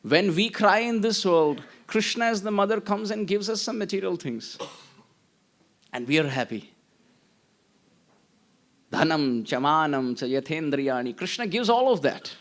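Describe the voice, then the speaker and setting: A man's voice: high-pitched, animated, normal speed. A man giving a devotional lecture, telling stories with acted-out voices and chanting Sanskrit verses. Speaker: preacher.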